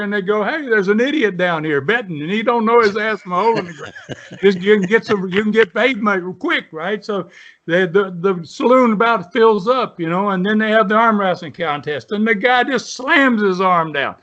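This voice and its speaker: A man's voice: high voice, fairly bright tone. A man in his seventies, a guest on the show, telling a long story in a folksy, rambling way with many "you know"s and "right?"s. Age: 70s. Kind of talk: storytelling in an interview. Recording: dull lo-fi.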